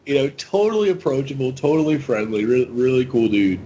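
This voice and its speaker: Excitable stammering podcast man. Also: mid-range voice, fairly quick, slight background noise, poor audio. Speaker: podcast co-host. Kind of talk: casual chat.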